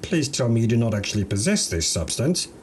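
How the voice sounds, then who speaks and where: A jittery alien scientist with clicking mandibles, voiced by a man in a thin, much higher and strained tone. Speaks anxiously and formally, as if always bracing for disaster. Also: sing-song, fairly quick, darkish tone, a little hiss or hum, natural voice. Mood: nervous.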